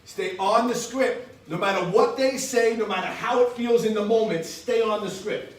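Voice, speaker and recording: A man leading an energetic sales training for a live audience in a meeting room, acting out phone calls to show how it is done. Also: high voice, moderate pace, a little hiss or hum. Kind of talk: motivational training talk. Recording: echoey room from far off.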